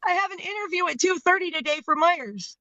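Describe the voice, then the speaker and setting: A woman's voice: very high-pitched, animated, a little fast, sharp tone, dry recording, highs cut off. A woman defending herself at a court hearing, pleading and emotional.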